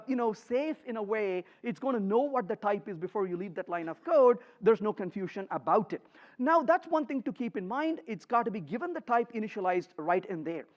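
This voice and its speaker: A man presents a live coding talk to a conference crowd, his pitch rising and falling in animated swings. He is emphatic and quips with the audience. The recording sounds slightly dull and muffled. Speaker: conference speaker.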